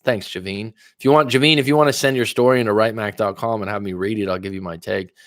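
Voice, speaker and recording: Low-voiced man answering livestream chat. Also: a bit bright, no echo, studio quality. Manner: conversational, reads chat aloud and answers with pointed questions; admits talking fast after coffee, some stutters. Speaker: life coach and livestream host. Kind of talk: casual livestream reading viewer comments.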